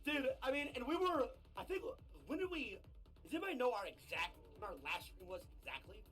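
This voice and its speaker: A man streaming a game, ranting brashly and with a lot of swearing, his voice husky and often breaking into shouts. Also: very high-pitched, sing-song, a little fast, faint music behind. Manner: brash, profane, swings into shouting rants. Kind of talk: ranting gaming stream talk.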